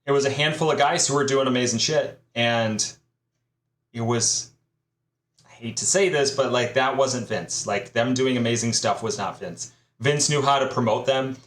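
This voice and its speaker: A man's voice: medium pitch, normal speed, fairly bright tone. A man with a mid-range voice co-hosts a casual podcast, easygoing and agreeable. He speeds up when he makes his point. His voice bounces around an echoey room. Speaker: podcast co-host. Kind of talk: casual chat.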